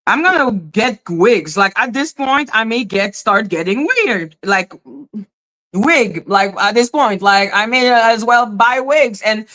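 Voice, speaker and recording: A woman's voice: fairly high pitch, animated, slow, a bit bright. A woman hosting a casual livestream, talking to her chat in an emotional, openly apologetic way and swearing freely. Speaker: livestream host reading chat.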